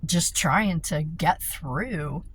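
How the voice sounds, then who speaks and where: A woman's voice: low voice, lively intonation, very slow, slight background noise. A woman vlogging a casual rant, swearing freely, laughing often and repeating herself.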